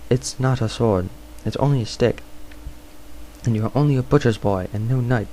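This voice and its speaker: A man's voice: medium pitch, normal speed, warm tone, slight background noise, natural voice, poor audio. Sneering young prince, as a man puts him on. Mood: taunting. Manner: taunting, sneering. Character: cruel arrogant teenage prince. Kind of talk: amateur audiobook reading with voices.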